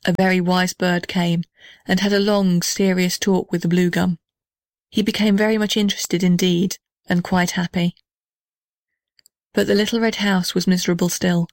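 A woman reading a children's storybook aloud in a gentle, measured way. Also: lowish voice, no echo, studio quality. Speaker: narrator.

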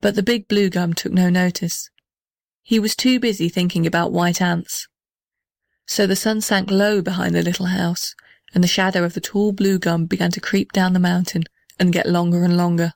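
Lady reading a kids' story, even gentle telling, dry close sound. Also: on the low side, vocal fry, no room sound.

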